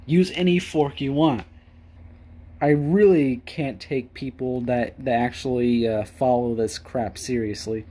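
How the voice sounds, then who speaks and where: A man's voice: mid-range voice, steady tone, measured pace, darkish tone. Sarcastic, cursing young man. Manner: mocking, profane, rambling. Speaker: video host. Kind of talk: sarcastic reading and commentary.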